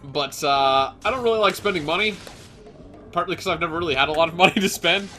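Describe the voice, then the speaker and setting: A man's voice: a little high, fast talker, sharp tone. A young man co-hosting a let's play, chatting casually in a rambling way with fillers and laughs. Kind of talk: casual gaming commentary.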